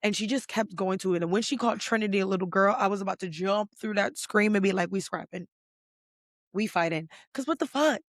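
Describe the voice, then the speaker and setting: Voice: mid-range voice, fast, few pauses, a bit bright, no echo, studio quality. A podcast host doing a casual pop culture recap, ranting bluntly and profanely, with lots of "like" fillers. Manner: filler-heavy with many "like"s.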